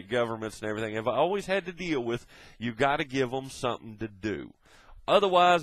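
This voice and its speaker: A man's voice: mid-range voice, a bit bright, no room sound, poor audio. A man delivering a blunt, profane ranting monologue, lecturing in a swearing tone. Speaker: video blogger.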